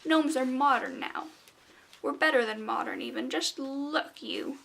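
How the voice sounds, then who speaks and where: A woman voicing a gruff little gnome woman customs agent with a grumbly, gravelly voice. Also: high voice, lively intonation, measured pace, fairly bright tone, heavily acted. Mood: boastful.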